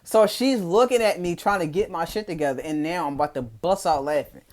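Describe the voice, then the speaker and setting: A man's voice: fairly high pitch, a little fast. Laid-back Philadelphia man telling a story. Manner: profane, laid-back slang-heavy storytelling. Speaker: vlogger. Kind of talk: casual storytime.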